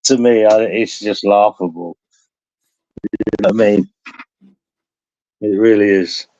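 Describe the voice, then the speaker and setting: A man's voice: lowish voice, fairly even intonation, a little slow, warm tone, muffled recording. A man who hosts a live stream, chatting casually and telling rambling stories that he laughs through. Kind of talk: casual chat.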